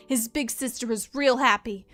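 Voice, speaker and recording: A woman's voice: a little high, slow, fairly bright tone, soft background music. A woman voicing a struggling male treasure hunter from the 1930s, reading his journal aloud with a tough-guy gangster drawl. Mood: weary, rueful.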